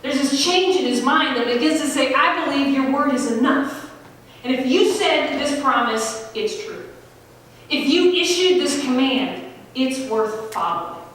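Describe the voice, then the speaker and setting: High-voiced woman preaching in an echoey hall. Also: fairly bright tone, far from the mic, a little hiss or hum. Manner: emphatic, conversational preaching with slow stressed phrases. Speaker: pastor. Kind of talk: sermon. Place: large church sanctuary.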